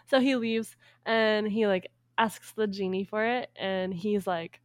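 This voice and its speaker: A woman's voice: medium pitch, fairly even intonation, no echo. A young woman casually retelling a folk tale to a friend, laughing often and briefly voicing the characters. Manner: laughs often, acts out characters with quick voices. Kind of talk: casual storytelling chat.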